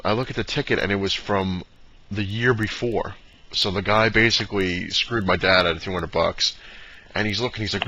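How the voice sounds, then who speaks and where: A man's voice: fairly low pitch, pushed and bright. A man telling a long personal story in a casual, rambling way, full of fillers, slipping into short impressions of the people in it. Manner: rambling, fillers, mimics dad in quotes. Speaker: vlogger. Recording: dull lo-fi sound with faint noise.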